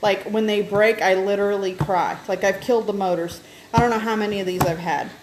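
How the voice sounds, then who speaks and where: A woman's voice: medium pitch, fairly even intonation, a little fast, background noise. A woman casually showing off her kitchen appliances at home, chatting and checking in with her viewers as she goes. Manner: chatty, keeps checking in with "okay?". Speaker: home cook vlogger.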